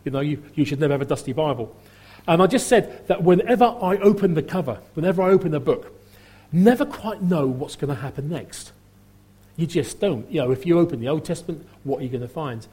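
A middle-aged man with a Norfolk accent preaches a sermon, his voice slightly husky and pitched a touch high for a man. He talks in a loose, joking way, often circling back and restarting his phrases. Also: expressive, a little fast, warm tone. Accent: Norfolk English. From Norfolk, England. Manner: chatty, humorous, repeats and restarts phrases.

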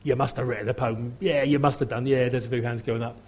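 A man's voice: mid-range voice, steady tone, fast, darkish tone, husky. A male preacher giving a sermon at a church service, talking conversationally and putting questions to the congregation.

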